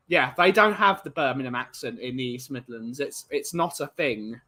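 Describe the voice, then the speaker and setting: A man's voice: mid-range voice, expressive, normal speed, hardly any pauses, pushed and bright. A man from England hosting a casual live-stream podcast, rambling chattily and greeting chat viewers by name.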